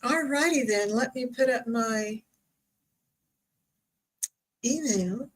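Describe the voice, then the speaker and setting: A woman hosting a live-streamed spiritual reading as a psychic medium, speaking softly and gently and drawing out her words. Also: on the high side, slow pace, slight background noise, rough recording.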